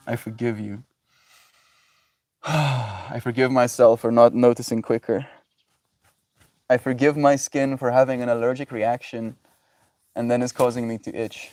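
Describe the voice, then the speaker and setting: A man's voice: mid-range voice, steady tone, unhurried, long pauses, darkish tone. Rambling, laughing male livestreamer. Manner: rambling, laughs often, loose filler-heavy talk. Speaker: livestreamer reading chat. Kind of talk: casual spiritual musing.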